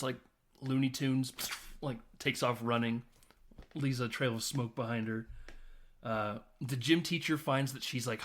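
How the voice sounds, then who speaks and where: Man, podcast host, casual, animated, laughs a lot, acts out lines. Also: medium pitch. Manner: animated, acts out character lines in mimicking voices; laughs often, lots of "like" and "uh". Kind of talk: casual film recap chat.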